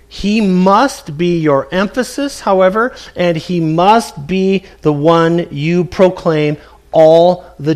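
High-voiced man preaching slowly. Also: a little mellow. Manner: earnest preaching with rhetorical questions and emphatic repetition. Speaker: pastor. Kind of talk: sermon.

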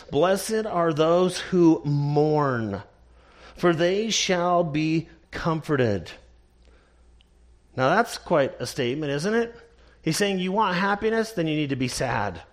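A man preaches in an unhurried, deliberate cadence, leaning on key words with slow emphasis. His voice sits a little higher than most men's. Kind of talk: sermon.

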